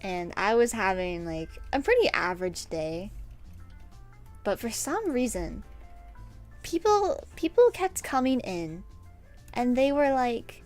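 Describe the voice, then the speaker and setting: A young woman streaming while she draws, telling a story in an animated, rambling way, with lots of fillers and laughs. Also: a little high, slow, long pauses. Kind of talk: casual storytelling chat while drawing. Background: faint background music.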